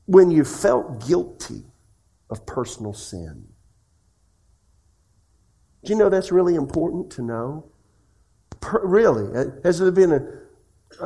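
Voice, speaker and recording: Man preaching a sermon. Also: on the high side. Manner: swings between loud questions and hushed confessions; asks the congregation direct questions. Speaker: pastor.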